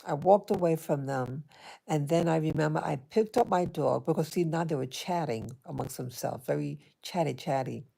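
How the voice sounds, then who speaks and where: A woman vlogger telling a personal story to her viewers in a hesitant, halting way, with many restarts. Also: sits low, vocal fry, mellow. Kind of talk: casual personal storytelling to camera.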